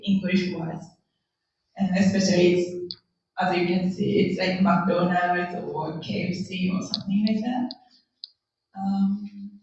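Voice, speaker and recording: Slow-speaking woman teaching, far off in an echoey room. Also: mid-range voice, slight background noise. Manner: patient, trailing off into quiet asides and repeating key words. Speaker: language instructor. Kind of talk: casual classroom presentation. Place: presentation room. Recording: dull, roomy recording from a distant mic.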